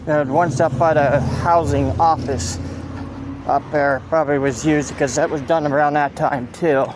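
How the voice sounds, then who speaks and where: A man's voice: a little high, fairly even intonation, moderate pace. A man with a Central Pennsylvania accent, walking outdoors and narrating casually into a handheld phone, rambling and restarting as he points things out. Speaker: local walking-tour vlogger. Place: outdoors on a town street with passing cars. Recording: faint street noise outdoors. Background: traffic and street noise.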